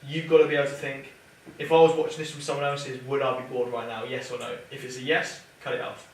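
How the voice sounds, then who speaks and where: A man's voice: mid-range voice, flat delivery, fast talker, slight background noise. A young man giving a classmate advice, often repeating his openings as he thinks. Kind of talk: casual group discussion. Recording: echoey room from far off.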